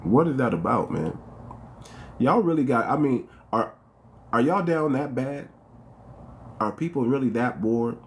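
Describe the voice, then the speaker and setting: Man, livestream host, casual rambling talk, repeats himself, rhetorical questions, middle pitch, faint background hum. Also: lively intonation, unhurried, pauses often. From United States. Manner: calls out to viewers by name.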